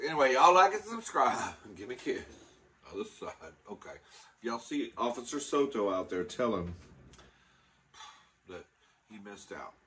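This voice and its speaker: A man's voice: lowish voice, expressive, measured pace, pauses often, slight background noise. A man vlogging, telling a story in a flamboyant way, calling the listener "girl" and acting out the other people in it. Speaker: mukbang vlogger. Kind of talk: storytelling vlog. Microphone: phone camera.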